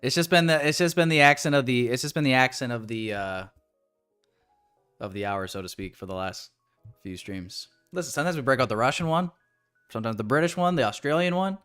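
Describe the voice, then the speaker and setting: A man's voice: mid-range voice, brisk, fairly bright tone, clean tone, soft background music. Joking, profane day-trading streamer man. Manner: joking, profane banter with chat. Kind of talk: casual live-stream chat while trading.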